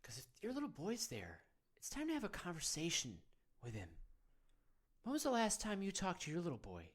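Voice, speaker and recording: A man's voice: sits high, wildly swooping pitch, normal speed, exaggerated voice. A man playing an earnest men's-wellness guru. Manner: earnest, coaxing, rambling, prodding with "hmm?". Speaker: men's meditation guide. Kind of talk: comedic parody of guided meditation.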